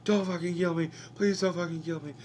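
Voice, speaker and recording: A man's voice: high voice, fairly even intonation, brisk, darkish tone, a little hiss or hum, voice pushed up, close to an everyday voice. A man doing a frantic captive shrieking curses. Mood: desperate pleading. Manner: shrieking, profane, near sobbing. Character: frantic tied-up man screaming in rage.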